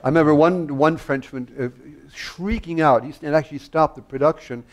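Older American man telling lively stories. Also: on the high side, fairly quick. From United States. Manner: animated, laughing storyteller with many restarts. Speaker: guest conductor and harpsichordist. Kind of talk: anecdotal stage conversation. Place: public talk on stage before an audience.

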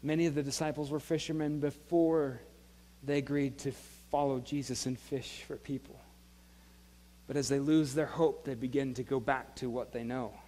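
Pastor preaching with hall reverb. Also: male voice, mid-range voice, steady tone, normal speed, mellow. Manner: retells scripture in casual dialogue, acting out voices. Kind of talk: sermon. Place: church sanctuary.

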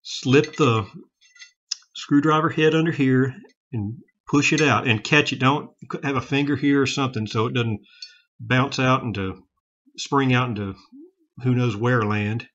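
Hobbyist man, mid-pitch, casual halting how-to delivery, slightly muffled recording with metal clicks behind. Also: fairly bright tone. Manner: plain-spoken, halting, frequent restarts and self-corrections. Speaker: gun hobbyist demonstrating revolver repair.

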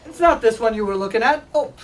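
Man, high-voiced presenter teasing schoolkids, laughs a lot; distant mic. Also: animated, fast, crowd noise. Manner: teasing, jokey, laughs often. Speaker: museum presenter. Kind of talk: playful classroom demonstration for children. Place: school room with children.

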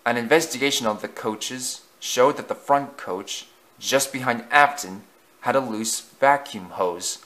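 A man narrating a children's railway story in a gentle, measured way. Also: mid-range voice.

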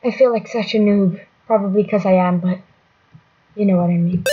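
A woman's voice: mid-range voice, steady tone, normal speed, husky, lo-fi sound. A woman commenting on her own gameplay, muttering to herself and mocking herself, with sudden exclamations. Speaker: gaming channel host. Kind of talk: let's-play gameplay commentary. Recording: loud electronic game music behind.

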